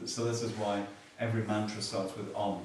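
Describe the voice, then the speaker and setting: This dharma talk comes from a male Buddhist teacher whose lowish voice barely moves in pitch, recorded far away in a very reverberant meditation hall with slight background noise. Patient and repetitive, he explains things slowly and jokes dryly.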